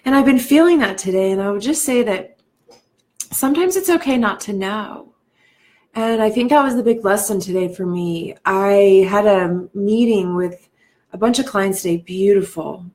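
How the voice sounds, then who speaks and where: Woman coach, casual home live stream, reflective and emotional, lots of "like" and soft laughs. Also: normal speed. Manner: greets viewers in a bright, high lift. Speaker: life coach and speaker. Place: at home in the evening.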